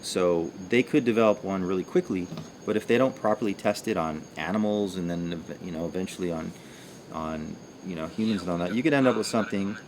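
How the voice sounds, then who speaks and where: A man chatting on a casual livestream, loose and rambling with plenty of fillers and jokes. His voice sits fairly low, with a faint hiss of background noise behind it. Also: fairly quick. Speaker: co-host of a livestream.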